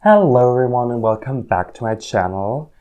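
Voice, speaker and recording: An orchid hobbyist films a rambling, self-mocking vlog on his phone at home, speaking at a table of plants with lots of ums. His mid-range voice has lively intonation and a moderate pace, and the recording is very noisy.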